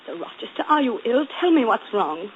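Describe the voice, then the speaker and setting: A proud young governess, crisp and dignified, old radio play, muffled noisy broadcast. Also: female voice, fairly high pitch, lively intonation, moderate pace. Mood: anxious. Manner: crisp, dignified, turns bitter and fervent. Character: earnest young governess Jane, proud and wounded. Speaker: radio drama lead and narrator. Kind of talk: 1940s radio acting.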